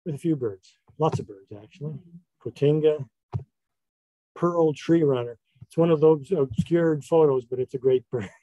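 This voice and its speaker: A man giving a casual slide talk as guest speaker, telling a travel story in a relaxed way with many fillers. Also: fairly high pitch, moderate pace, dry recording, dull audio.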